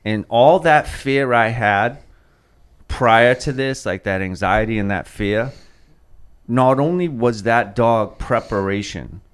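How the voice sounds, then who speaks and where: A man's voice: medium pitch, slow pace, smooth. A man in his thirties, a podcast host, telling a rambling heartfelt story in casual chat and swearing freely.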